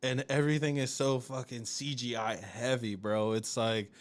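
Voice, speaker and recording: A man's voice: mid-range voice, flat delivery, moderate pace. A man hosting a casual podcast who rambles and hesitates, with lots of fillers and restarts, and swears casually. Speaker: podcast host. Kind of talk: casual chat.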